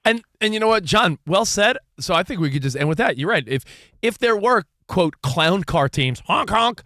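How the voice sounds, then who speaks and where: An animated man co-hosting sports talk radio, his voice sitting a bit high and leaping around in pitch as he gets excited. He jokes and banters in quick bursts, close on a dry studio mic. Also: no room sound. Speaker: co-host.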